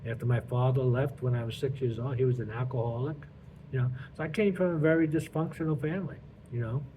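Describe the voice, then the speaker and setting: A middle-aged man, a pastor, telling his life story in a halting way, repeating words and saying "you know" all the time. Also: mid-range voice, steady tone, dark tone. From Brooklyn, New York. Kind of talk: personal testimony. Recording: tinny phone-like line with clear noise.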